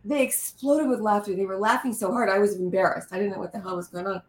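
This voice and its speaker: A woman telling a lively anecdote in an interview, acting out the lines of the people in it. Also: mid-range voice, fast. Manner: lively anecdote teller, acts out quotes. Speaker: guest. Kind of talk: animated storytelling in conversation. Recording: roomy echo.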